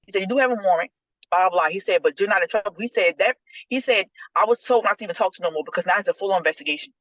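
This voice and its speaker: Fast-talking woman podcast host, lo-fi. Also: medium pitch, dry recording. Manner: animated storyteller acting out quotes. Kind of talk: casual group chat, retelling a story. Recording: dull lo-fi dry recording.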